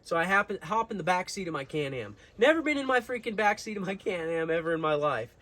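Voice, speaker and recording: A man's voice: high voice, very animated, quick pace, fairly bright tone. A young man telling a long story to his viewers in a casual, rambling way, full of fillers and restarts. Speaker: vlogger.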